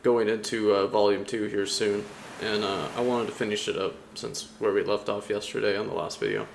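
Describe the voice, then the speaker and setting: A young anime vlogger chats casually about a comic, rambling with many fillers and frequent laughter. His voice is lowish, gravelly, and steady, fairly quick, with slight background noise.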